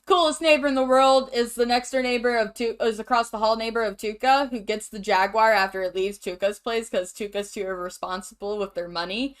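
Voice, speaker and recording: A woman's voice: fairly high pitch, fairly even intonation, a little fast, hardly any pauses, clear, resonant tone. A young woman co-hosting a podcast, talking casually and animatedly, laughing often and acting out quotes. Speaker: podcast co-host. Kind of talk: casual chat.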